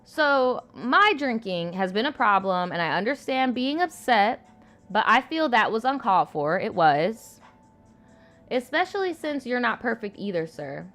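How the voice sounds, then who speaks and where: A woman's voice: a little high, sing-song, unhurried, a bit bright, soft background music. Blunt, slangy young woman storyteller. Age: 20s. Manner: blunt, profane, slangy and emphatic. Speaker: host. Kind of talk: reading viewer stories aloud with commentary.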